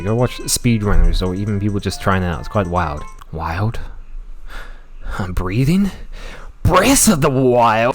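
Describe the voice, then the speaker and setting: A man narrating a scripted video essay with enthusiasm, jokes and frequent swearing. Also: lowish voice. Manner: enthusiastic, profane, joking.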